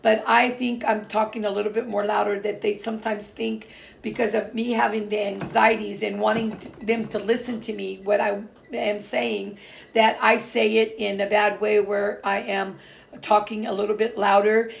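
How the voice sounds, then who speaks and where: Gravelly woman talking to viewers. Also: medium pitch, level tone, moderate pace. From Portugal. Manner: rambling, emphatic, frequent fillers and restarts. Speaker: vlogger. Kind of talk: casual personal talk to viewers.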